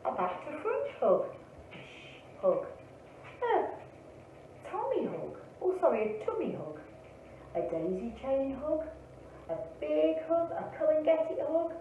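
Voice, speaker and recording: A woman, an early years teacher, reading a picture book aloud to children in a slow, expressive storytelling way. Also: high voice, slight background noise. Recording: echoey, phone-like, from a distance.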